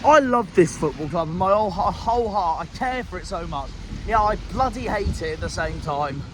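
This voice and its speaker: Young man, West Country accent, furious swearing rant, high voice, street traffic in the background. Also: expressive, normal speed. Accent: West Country English. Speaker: football fan vlogger. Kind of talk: angry post-match rant. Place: outdoors in a city street. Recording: outdoor street noise, traffic.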